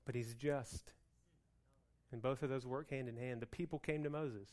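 A man preaching a sermon with lively swings between loud outbursts and hushed, slow passages, acting out the people's complaints. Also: medium pitch. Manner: plays out the people's complaints in a whiny voice. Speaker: pastor.

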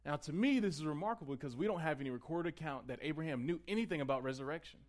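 A pastor preaches a sermon conversationally, building to emphatic peaks and then dropping to a quiet, close tone. His voice is a little high and expressive, and he speaks very fast.

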